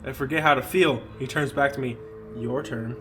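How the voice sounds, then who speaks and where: A man's voice: medium pitch, steady tone, fast talker, fairly bright tone, faint music behind. A young man co-hosting a podcast, reading a horror story aloud with hammy emphasis and bursts of laughter. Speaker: podcast co-host.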